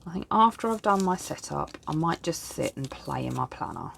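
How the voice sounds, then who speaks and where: Deep, gravelly, and very animated, this woman's voice has a fairly bright tone and normal pace, with a little hiss or hum in the recording. A tired, yawning planner vlogger in her thirties, she rambles chattily and pokes fun at herself while crafting her planner at home.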